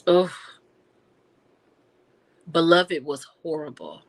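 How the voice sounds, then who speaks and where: A woman hosting a livestream, chatting casually with her viewers and reacting with lively exclamations. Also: deep voice, drawn-out words. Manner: animated and expressive, with exclamations; talks to viewers directly, reading and answering chat. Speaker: livestream host reviewing TV and film.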